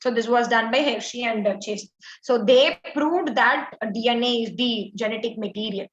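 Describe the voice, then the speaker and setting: A woman's voice: on the high side, normal speed. Woman teacher going through answers, lots of "like" and "uh", echoey muffled audio. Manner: explanatory, filler-heavy, says "like" and "uh" often. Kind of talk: exam answer walkthrough.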